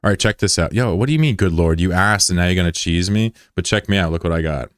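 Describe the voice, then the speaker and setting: A man's voice: deep voice, fast, no room sound, clean studio sound. A young man chatting casually on a game livestream, joking and sarcastic in a rambling way. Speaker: game streamer.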